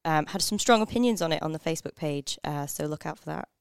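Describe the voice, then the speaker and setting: A woman's voice: low voice, expressive, quick pace, creaky, smooth, dry recording, studio quality. A woman co-hosting a casual podcast, chatty and wry. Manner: wry, chatty, laughs easily. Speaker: podcast co-host.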